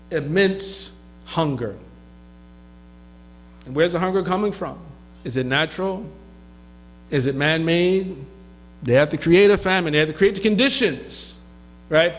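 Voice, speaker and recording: A man's voice: high voice, poor audio. A man giving a lecture in a mosque, reading Arabic texts and translating them into English with loose spoken asides. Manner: reads hadith in Arabic and translates into English, with asides and a quick laugh.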